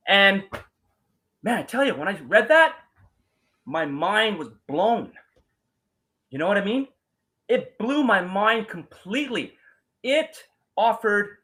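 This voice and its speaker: A man telling his story as a guest in a casual talk, animated, acting out quoted voices and using many fillers. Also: high voice, poor audio.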